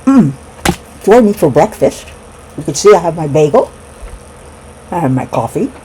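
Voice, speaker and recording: A woman's voice: low voice, big pitch swings, moderate pace, mellow, a little hiss or hum, rough recording. A middle-aged woman vlogging casually at home, giggling often and rambling while she eats breakfast. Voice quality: giggly, laughs between words. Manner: rambling, talks with mouth full over breakfast. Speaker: craft vlogger. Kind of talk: casual chat.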